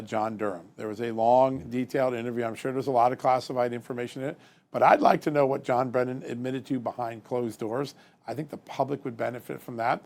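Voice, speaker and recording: A man's voice: mid-range voice, creaky, darkish tone. A man giving emphatic political commentary as a guest, building his points with rising force.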